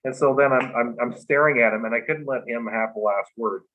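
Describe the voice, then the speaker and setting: A man, a guest on a livestream talk show, telling a personal story in a halting, earnest way with many restarts, over a video call. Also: medium pitch, background noise. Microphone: remote video call. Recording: muffled livestream audio.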